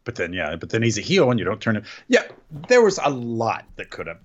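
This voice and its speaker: Guy cohosting a wrestling podcast, super animated voice jumping all over, kinda dull lo-fi sound. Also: lowish voice, brisk. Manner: excitable, animated recapping of a match. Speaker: podcast co-host. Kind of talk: casual wrestling podcast chat.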